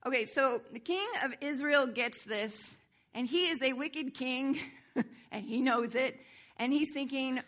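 Woman preaching, bright tone, pitch on the high side, keeps asking amen? and okay?. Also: a little slow. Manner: animated, asks the congregation for agreement. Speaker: worship pastor. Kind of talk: sermon reading and explaining scripture.

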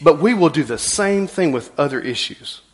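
A man's voice: fairly high pitch, expressive, normal speed. A man, preaching a sermon as pastor, emphatic, with his voice rising and falling.

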